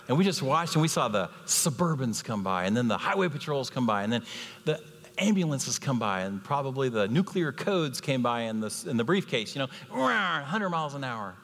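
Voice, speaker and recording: A man's voice: medium pitch, brisk. A man in his fifties preaching a sermon as a guest speaker, telling stories and acting out voices. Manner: animated storytelling with acted-out voices. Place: church sanctuary. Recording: long hall reverb.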